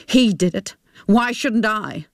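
A woman voicing a tearful, defensive middle-aged mother in a spoken story, pleading and raised in pitch. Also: slow pace, no room sound, clean studio sound.

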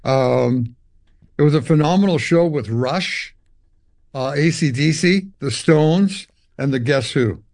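Taking it slowly in a slightly high voice, an older Canadian man who is a musician guest spins long stories during an interview. The recording has no room sound, and he lively acts out voices and imitates guitar sounds.

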